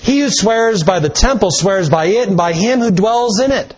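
A man preaching a sermon in a slow, deliberate way, stressing key words with rising emphasis. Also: high voice, lively intonation.

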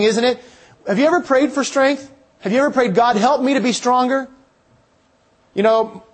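Preacher, male, fairly high voice, earnest sermon delivery with many questions to the congregation. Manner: earnest, repeats rhetorical questions.

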